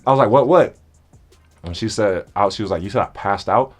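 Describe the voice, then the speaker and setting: A young man telling a comedic story to friends in a casual, animated way, acting out both sides of the conversation. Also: on the low side, fast, soft background music.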